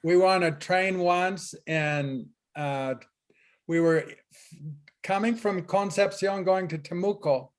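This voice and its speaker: Brief: upbeat Spanish teacher, man, higher voice, encouraging, chatty anecdotes over a video call. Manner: encouraging, storytelling with quick asides. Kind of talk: online class teaching.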